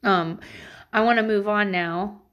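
A woman's voice: mid-range voice, unhurried, highs cut off. A woman in her thirties, a mother telling personal stories and giving candid parenting advice in a casual way, swearing freely.

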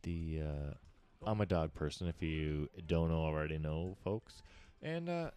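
A man's voice: rumbling low, expressive, unhurried, mellow, clean tone. A man co-hosting a podcast, chatting casually and rambling with lots of fillers. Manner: laid-back, rambling with many fillers. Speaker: podcast co-host. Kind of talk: casual chat.

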